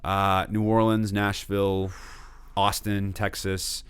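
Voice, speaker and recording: Laid-back lower-voiced man around thirty. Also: little pitch movement, takes it slowly, clear, resonant tone. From North Shore of Massachusetts. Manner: laid-back, rambling, many fillers. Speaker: podcast guest. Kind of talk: casual chat.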